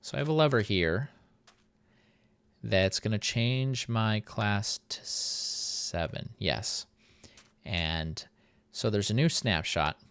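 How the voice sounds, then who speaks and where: A man's voice: fairly low pitch, vocal fry, fairly bright tone, smooth, no room sound. A man casually commenting on his game experiments, easygoing, thinking aloud with small chuckles. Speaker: YouTuber showing a game map.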